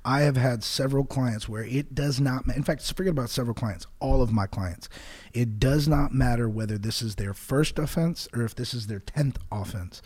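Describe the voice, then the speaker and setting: A man's voice: medium pitch, moderate pace, a little mellow, husky. A man who works as a criminal defense attorney, answering interview questions in an earnest, emphatic way.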